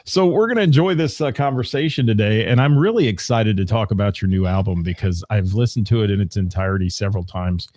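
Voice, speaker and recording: A man's voice: on the low side, lively intonation, fast, few pauses, darkish tone, no echo. Upbeat chatty male radio host. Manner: upbeat, chatty, frequent fillers. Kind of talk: casual interview chat.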